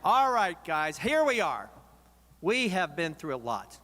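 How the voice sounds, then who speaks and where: An American man, an organization's president, gives a convention speech in a large hall and rouses the crowd to shout and chant. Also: a little high, sing-song, unhurried.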